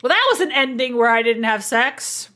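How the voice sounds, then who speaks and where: A woman streamer reading a visual novel aloud and reacting in a blunt, profane, excitable way. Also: fairly high pitch, normal speed.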